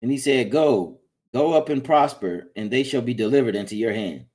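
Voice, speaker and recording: A man reading Bible passages aloud in a plain, steady way, with small slips. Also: medium pitch, moderate pace. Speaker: scripture reader.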